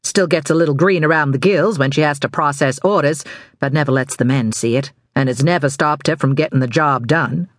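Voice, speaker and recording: A woman's voice: deep voice, brisk, no echo, clean studio sound. A woman voicing a ruthless, impatient crime boss who gives clipped, commanding orders in an audiobook. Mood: brisk.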